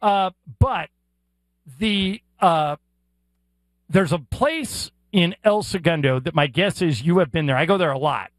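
Middle-aged radio co-host, male, high-ish voice, animated teller, dry studio sound. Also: a little slow, no room sound, poor audio. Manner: animated storyteller, acts out voices. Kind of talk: storytelling on a radio show. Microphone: studio mic.

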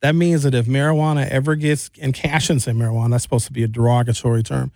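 A man from Wisconsin doing a stand-up comedy rant, animated with sarcastic asides. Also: medium pitch, fast talker, vocal fry, dry recording. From Wisconsin, USA.

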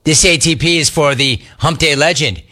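A man hosting a sports talk radio show, ribbing his co-hosts with emphatic, animated banter and repeated catchphrases. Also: on the high side, moderate pace. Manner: emphatic, mocking and animated, repeats phrases for effect.

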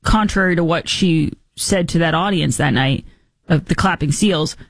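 A woman's voice: normal speed, vocal fry, dry recording. A woman hosting a talk show, giving mocking, sarcastic political commentary with theatrical asides. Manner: mocking, theatrical, does squeaky impressions.

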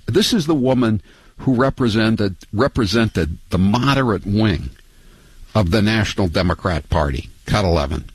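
An older man hosting a talk radio show, rambling and sarcastic, with many halting restarts. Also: on the low side, lively intonation, husky, dry recording, poor audio.

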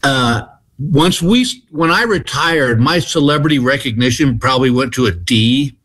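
A middle-aged man from Texas, telling stories as a comedy guest in a relaxed, self-deprecating way. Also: mid-range voice, normal speed. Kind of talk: casual storytelling.

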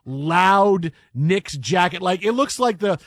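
A man's voice: high voice, lively intonation, slow pace, fairly bright tone, no room sound, studio quality. A man hosting sports talk, rambling and emphatic with many restarts. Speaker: sports radio host.

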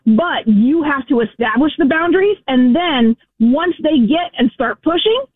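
A woman's voice: high voice, lively intonation, unhurried, no room sound. A woman in casual chat giving firm, emphatic parenting advice over a phone line.

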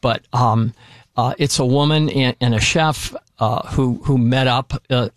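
A man's voice: medium pitch, fairly even intonation, unhurried, no room sound, studio quality. A man co-hosting a casual talk show about dining out, telling stories with many restarts and repeated words. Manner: rambling storyteller with many restarts. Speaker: radio show co-host talking about local dining. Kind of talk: casual chat.

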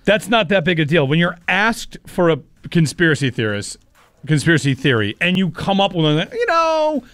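A man hosting a casual sports chat, animated and joking. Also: sits high, moderate pace. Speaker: sports talk host.

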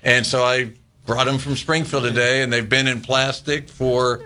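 Man, 60s, ex-ballplayer guest; bright forceful voice, lively storyteller who laughs a lot. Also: medium pitch, normal speed. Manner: animated anecdotes, laughing often. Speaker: former baseball player, guest. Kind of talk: casual storytelling interview.

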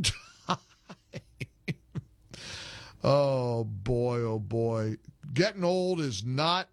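Brief: middle-aged male radio host, lively swooping pitch, higher voice, dry studio sound, rambling and sarcastic. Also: dry recording. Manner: animated, joking and exasperated, rambling. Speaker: radio talk show host. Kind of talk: call-in talk radio.

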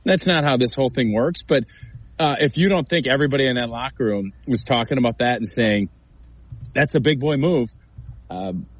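A man's voice: medium pitch, no echo, low-quality recording. A male sports analyst and former offensive lineman, talking emphatically and acting out locker-room quotes. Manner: emphatic, storytelling, acts out quotes. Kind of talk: sports talk show.

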